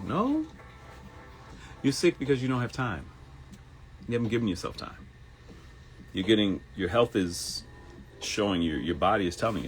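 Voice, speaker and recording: Deep gravelly man preaching with lively swings. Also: fairly quick, pauses often, faint music behind. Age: 50s. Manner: preachy, repeats phrases, jumps into high mock voices for quotes. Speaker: host of a live morning show. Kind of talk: motivational live-stream monologue.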